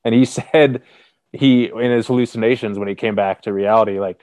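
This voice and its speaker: A man in casual chat, laid-back and quick to laugh. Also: lowish voice, fairly even intonation, darkish tone, dry recording.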